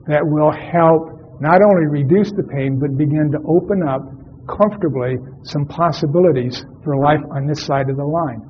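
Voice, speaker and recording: A man's voice: a little high, a little hiss or hum. A man presenting a workshop to therapists, talking conversationally and quizzing his audience. The recording is a tinny, lo-fi cassette.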